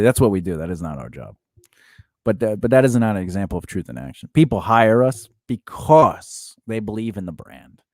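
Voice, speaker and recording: A man's voice: low voice, no echo, clean studio sound. A man co-hosting a casual podcast chat, teasing his partner and laughing often. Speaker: podcast co-host.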